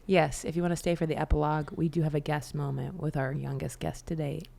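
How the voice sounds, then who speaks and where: Casting note: woman co-host, low voice with a gravelly edge, wry and joking, casual podcast chat. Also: flat delivery, fast talker, mellow.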